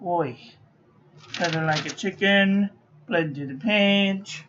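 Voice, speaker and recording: A sleepy woman giving dry, low-key commentary while testing ink on paper. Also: takes it slowly, noisy background. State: sleepy, yawning. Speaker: stationery reviewer. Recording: dull lo-fi recording.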